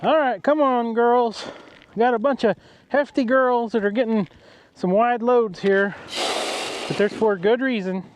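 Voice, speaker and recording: Easygoing farmer vlogging outdoors. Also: male voice, extremely high pitch, a little slow, a little hiss or hum. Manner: easygoing, chatty, talks to his animals. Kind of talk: casual farm vlog. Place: outdoors on a farm.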